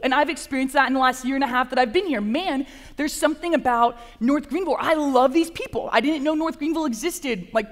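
Bubbly young woman giving a chapel talk, high voice, big echoey hall. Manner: bubbly, chatty, full of fillers. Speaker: graduate assistant speaking at chapel. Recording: long reverb of a large hall.

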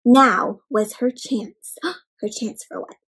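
High-voiced woman reading to children. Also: slow pace, breathy edge. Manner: animated, asks children questions, gasps. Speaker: children's storyteller. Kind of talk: interactive read-aloud for kids.

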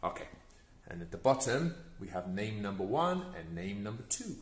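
Male teacher for a children's reading lesson, slow and exaggerated, with a swooping voice. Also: fairly low pitch, big pitch swings, gravelly, a little hiss or hum. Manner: slow, sing-song, exaggerated.

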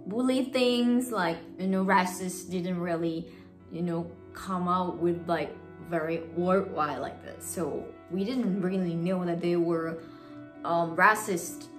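A woman's voice: fairly low pitch, slow, echoey room, faint music behind. A woman from Thailand, a native Thai speaker, chatting to camera as a vlogger, telling a personal story with lots of "like" and "you know" fillers.

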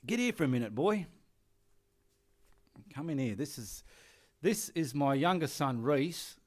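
A man's voice: fairly high pitch, animated, measured pace. A middle-aged man with an Australian accent, chatting casually and swearing as he paints and gives directions behind the scenes. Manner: swears freely, jokes and mutters instructions to himself. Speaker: artist.

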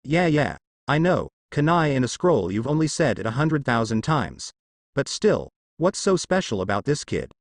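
A man's voice: medium pitch, big pitch swings, moderate pace, no echo, clean studio sound. A man voicing a blunt, skeptical young male ninja teacher in a fan story reading.

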